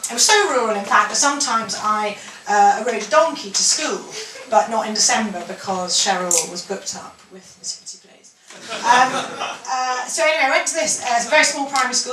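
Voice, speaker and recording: A woman's voice: on the high side, distant mic, slight background noise. A Scottish woman doing a stand-up routine with dry, wry delivery. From Scotland. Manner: deadpan, wry, with sudden loud character voices. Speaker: stand-up comedian. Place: large hall with an audience. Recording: echoey live hall, mic heard from afar.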